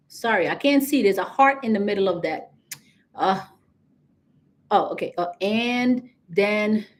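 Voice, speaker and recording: A woman with a Caribbean accent, coaching viewers in a casual livestream and talking straight to them. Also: mid-range voice. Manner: chatty, addresses viewers directly, reads out comments. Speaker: business credit coach.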